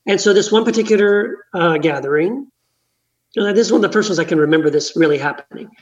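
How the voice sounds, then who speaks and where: A man's voice: high voice, quick pace, highs cut off. A man who leads small church gatherings, telling a story in an earnest, conversational way.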